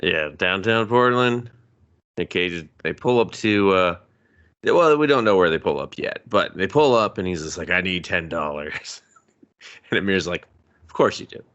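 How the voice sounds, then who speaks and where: Brief: low male co-host, forceful tone, profane scene-by-scene recaps. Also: animated, normal speed, muffled recording. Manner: profane, retells scenes with quoted voices. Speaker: podcast co-host. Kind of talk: casual movie review chat.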